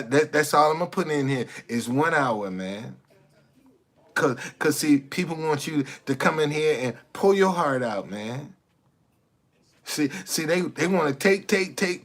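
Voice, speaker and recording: Blunt preachy man, high voice. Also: fairly bright tone. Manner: preachy, repetitive, blunt with cursing. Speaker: livestream host. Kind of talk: casual livestream monologue.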